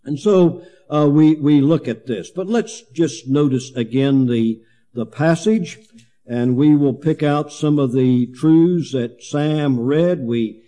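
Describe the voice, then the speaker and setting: Slow, mellow-voiced male preacher. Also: on the high side. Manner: slow, halting, many fillers and restarts. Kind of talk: sermon, Bible exposition.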